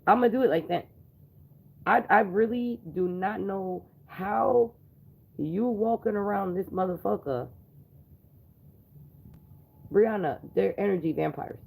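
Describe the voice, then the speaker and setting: A woman's voice: medium pitch, takes it slowly, creaky, long pauses, a little mellow, slightly rough. A woman hosting a livestream, ranting angrily and confrontationally with a lot of swearing. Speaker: livestream host. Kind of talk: angry profane livestream rant.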